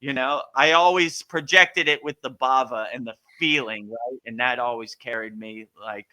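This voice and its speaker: Yoga teacher guy chatting casually, bright edgy voice, lots of "you know" and "like". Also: mid-range voice, fairly even intonation, moderate pace. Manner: loose, rambling, full of "you know" and "like"; earnest and emphatic. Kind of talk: casual spiritual Q&A talk.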